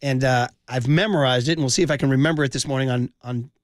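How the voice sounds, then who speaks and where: A man's voice: medium pitch, fairly even intonation, fast, dry recording, clean studio sound. A man in his forties hosting sports talk radio, telling heartfelt fan stories with passion and saying "dude" a lot.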